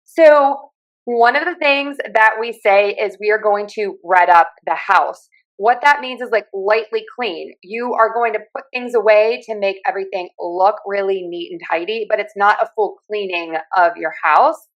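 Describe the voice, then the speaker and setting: A woman with a Pittsburgh accent talks through speech sounds like a friendly teacher, spelling out each point clearly and stopping to demonstrate vowels. Her voice sits at an ordinary middle pitch for a woman. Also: moderate pace, dull audio. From Pittsburgh, USA. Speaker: speech pathologist and communication coach. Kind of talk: explanatory talk on accents.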